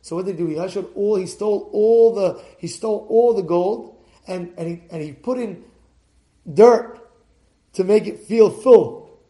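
High-voiced rabbi telling a story, really animated, big echoey room. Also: male voice, a little slow. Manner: animated, acts out voices, swings between hushed and shouting. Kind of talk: storytelling sermon.

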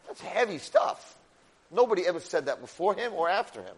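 A man giving a lively Torah lesson in a fairly high voice that swings widely in pitch. He addresses his students directly and drops Hebrew terms into his explanations. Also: a little fast, slightly rough. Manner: expressive, talks to the class directly, mixes in Hebrew terms. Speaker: rabbi teaching a Torah class. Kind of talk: animated Torah lecture.

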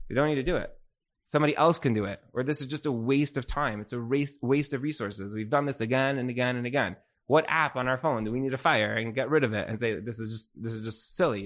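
A man's voice: medium pitch, fairly bright tone. Casual storytelling male teacher. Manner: casual and storytelling, with many "like" fillers. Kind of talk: informal motivational class talk.

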